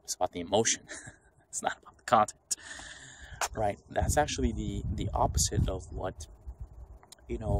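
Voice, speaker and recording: A man's voice: lowish voice, noisy background. A man delivering an unscripted, rambling rant full of swearing, often acting out what other people say. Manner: rambling, profane, animated, acts out quotes.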